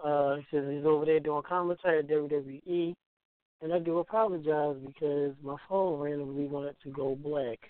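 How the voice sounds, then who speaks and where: A man co-hosting a podcast, chatting casually and reading out notes haltingly. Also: a little high, fairly even intonation, dry recording. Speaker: podcast co-host. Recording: tinny phone line, off-mic.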